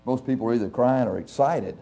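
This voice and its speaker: With faint music behind him, a male pastor speaks in a mellow, medium-pitched voice at a brisk pace to a live congregation. Addressing them directly, he preaches conversationally through anecdotes, chuckling frequently and posing questions to the crowd.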